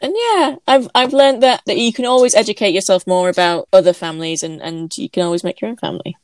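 A woman co-hosting a casual podcast, chatty and quick with asides, laughing easily. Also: on the low side, fairly even intonation, a little mellow, clear, resonant tone, no echo, clean studio sound. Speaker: podcast co-host.

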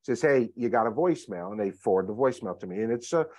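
A man, a chocolate brand executive, telling stories as a guest in a casual interview, energetic and salesy with lots of fillers. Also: lowish voice, quick pace. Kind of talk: animated storytelling, casual interview.

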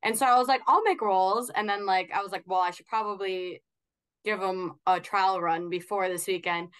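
A woman's voice: mid-range voice, steady tone, normal speed, a bit bright, clear, resonant tone. A young woman with a Minnesotan accent, a podcast guest chatting casually and laughing easily. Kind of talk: casual chat.

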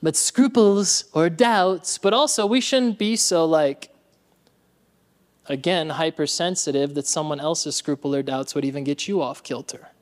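A man preaching a sermon as pastor in a church. He talks in an animated way, laughs often and calls out to the congregation. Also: high voice.

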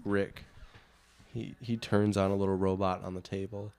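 A man's voice: low voice, flat delivery, normal speed, creaky, a little mellow, smooth. A young man chatting as a podcast guest, laid-back and storytelling. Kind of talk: casual chat.

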